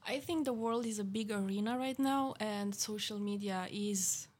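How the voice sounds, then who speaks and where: Woman guest, husky tone, halting and reflective delivery. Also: mid-range voice. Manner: thoughtful, hesitant, many fillers. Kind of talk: casual podcast chat.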